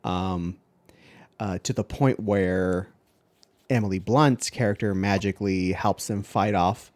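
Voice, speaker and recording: A man's voice: low voice, steady tone, slow, a little mellow, dry recording. A man co-hosting a casual movie podcast, rambling with frequent ums and restarts. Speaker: podcast co-host.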